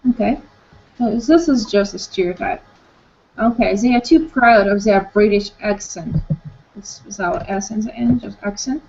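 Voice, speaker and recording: A woman's voice: mid-range voice, moderate pace, darkish tone. A woman from Ukraine, teaching an online English conversation class and leading it with short questions. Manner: leads discussion with short prompts and questions. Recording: dull lo-fi call audio.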